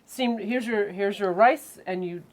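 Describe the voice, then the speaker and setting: A woman's voice: mid-range voice, darkish tone. A woman co-hosting a cooking show, tasting the dish and chatting casually. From Canada. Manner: easygoing, chatty, quick agreeing asides. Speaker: co-host taster. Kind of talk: casual chat.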